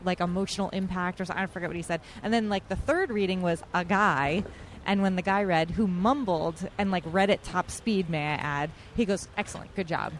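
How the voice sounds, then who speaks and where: A woman's voice: lowish voice, normal speed, slight background noise. A young woman guest on a podcast, telling a story in casual chat and acting out other people's lines with animation, recorded outdoors in a city park. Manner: animated, quotes others in lively voices.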